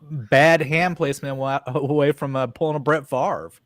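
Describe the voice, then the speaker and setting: A man's voice: mid-range voice, steady tone, moderate pace, no echo. A man co-hosting a casual sports podcast, musing in a wandering, hedging way. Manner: thoughtful, wandering, hedging with fillers. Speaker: podcast co-host.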